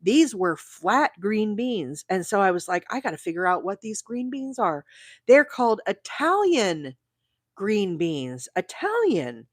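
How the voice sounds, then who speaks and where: A woman from Arizona hosting a crochet livestream, rambling chattily and reading out viewer comments, with bursts of high, excited emphasis. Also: unhurried, dry recording, clean studio sound. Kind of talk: casual live-stream chat.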